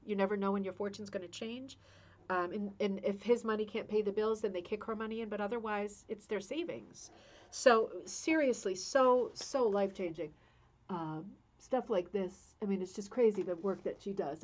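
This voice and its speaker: Chatty woman sharing a craft book. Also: medium pitch. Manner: chatty, emotional, restarts often. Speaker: rug hooking club host. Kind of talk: casual video talk sharing a book.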